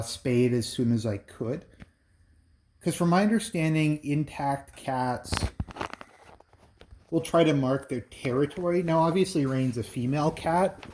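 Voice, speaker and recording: A man's voice: mid-range voice, darkish tone, a little hiss or hum. A man chatting casually and rambling about his cat, laughing often and a little out of breath. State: slightly out of breath from coffee. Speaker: pet vlogger. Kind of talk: casual chat to camera.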